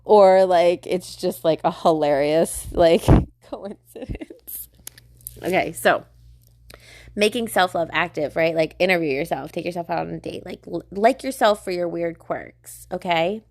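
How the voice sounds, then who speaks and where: A woman's voice: on the low side, moderate pace, darkish tone. A young woman hosting a podcast, talking casually about self-love with lots of fillers, laughter and swearing. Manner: chatty, filler-heavy, swearing, laughing often. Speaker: podcast host.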